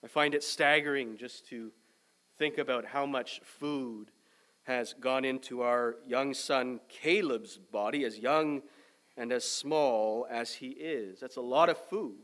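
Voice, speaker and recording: A man preaching a sermon as pastor, measured and emphatic, with a young son. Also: medium pitch. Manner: measured preaching, loud emphatic start easing to quieter reflective tone.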